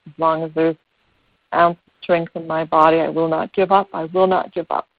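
A woman's voice: low voice, level tone, normal speed, dry recording. A woman voicing a determined frog in a spoken story, urging herself on and refusing to quit. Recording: tinny phone-like call audio.

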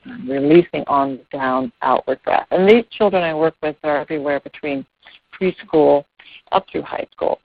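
A children's yoga and meditation teacher speaking calmly and unhurriedly, explaining breathing and guiding the body with fillers and repetitions. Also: medium pitch, no room sound. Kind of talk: calm explanatory talk. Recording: dull dry lo-fi recording.

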